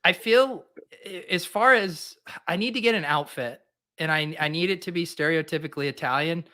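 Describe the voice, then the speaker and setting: High, bright-voiced joking man. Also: moderate pace. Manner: playful, teasing, crude jokes. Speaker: podcast host. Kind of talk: casual chat.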